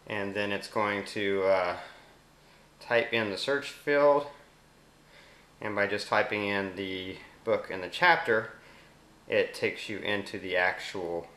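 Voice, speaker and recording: Southern man demoing a phone app, roomy sound. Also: low-pitched. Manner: relaxed, explanatory, speaks voice commands slowly to the phone. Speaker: app demonstrator. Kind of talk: casual screen demo narration. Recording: roomy echo.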